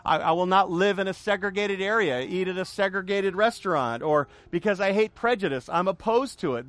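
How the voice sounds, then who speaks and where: Middle-aged pastor guy preaching, high voice, repeats stuff, gets the crowd to say it back, cracks little jokes, dry sound. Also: a little fast, few pauses, fairly bright tone, no echo. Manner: call-and-response, joking asides, emphatic repetition. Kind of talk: sermon.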